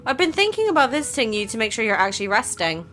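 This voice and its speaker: A woman's voice: on the high side, very animated, quick pace, a bit bright, slight background noise. A woman hosting a casual game playthrough, chatting, reacting and reading the story aloud. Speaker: gaming channel host.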